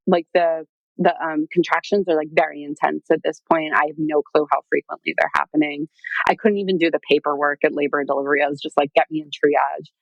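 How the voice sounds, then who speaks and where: A woman's voice: low-pitched, no echo, highs cut off. A woman guest telling her own story in a casual, chatty way, full of fillers and acted-out quotes. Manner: chatty, lots of "like" and "um", animated quoting.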